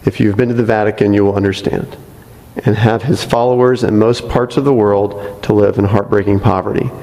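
Low-voiced man reading a testimony aloud. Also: fairly even intonation, brisk, dark tone, big-room sound, low-quality recording. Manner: earnest reading broken by light asides. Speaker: church member reading a testimony. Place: church sanctuary. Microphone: microphone.

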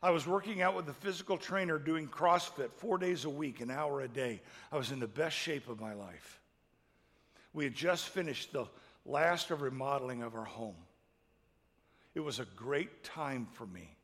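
A middle-aged man preaching a sermon, telling a personal story in an emotional way that builds to loud, impassioned peaks. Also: medium pitch, normal speed, big-room sound. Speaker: pastor.

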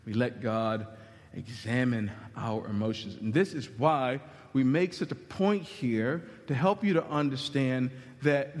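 High-pitched man preaching in a hall with long reverb, animated and casual. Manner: animated, conversational, slangy. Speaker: pastor. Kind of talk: sermon.

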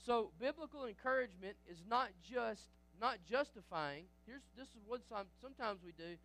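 A man preaching a sermon as pastor, lively, with frequent restarts and asides to the congregation. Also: high-pitched.

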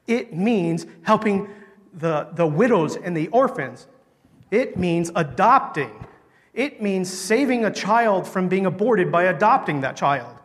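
A man preaching a sermon, telling a story with lively emphasis that swings between loud, emphatic lines and quiet, soft ones. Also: sits high, a little slow. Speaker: pastor. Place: church sanctuary. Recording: long hall reverb.

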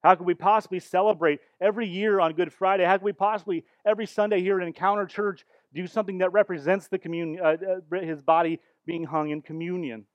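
A man with a fairly high voice preaching in a church, telling the story with dramatic force. The sound is dry and close, with little room echo. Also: steady tone, fast, few pauses, highs cut off. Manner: dramatic, rising to intense passages. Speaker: pastor. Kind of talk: sermon with live demonstration.

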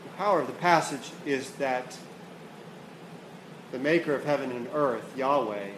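A man's voice: medium pitch, unhurried, long pauses, fairly bright tone, slight background noise. A man preaching a sermon with earnest build-up, often repeating words as he rises toward questions and falls back. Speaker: pastor. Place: church hall. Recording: echoey hall, faint ambience.

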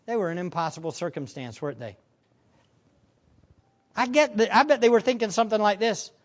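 Animated pastor preaching with dramatic bursts. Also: male voice, sits high, fairly quick, muffled recording. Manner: animated, acts out voices of disciples with sudden loud bursts. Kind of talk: sermon.

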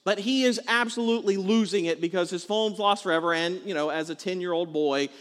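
A man with a high voice preaches in a church sanctuary, and his words ring out with a long reverb. He talks to the congregation in a loose, joking way and breaks into animated little stories. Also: fairly quick, few pauses. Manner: conversational, joking, animated storytelling. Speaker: pastor. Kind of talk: sermon.

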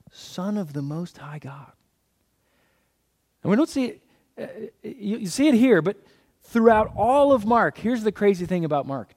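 A man preaching a sermon as a guest pastor. He is animated, asks the audience questions and answers them himself, and jokes in passing. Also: high-pitched.

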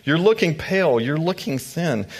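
A man's voice: on the high side, animated, normal speed, pitched above the performer's own voice. A man voicing a group of gossiping townswomen who tease an old friend in rhyming storybook verse. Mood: teasing. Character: gossiping townswomen, teasing and blunt.

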